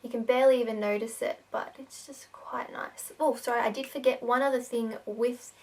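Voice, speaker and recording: A woman's voice: fairly high pitch, steady tone, moderate pace, distant mic. A woman giving a casual makeup tutorial, talking in a chatty way with lots of fillers.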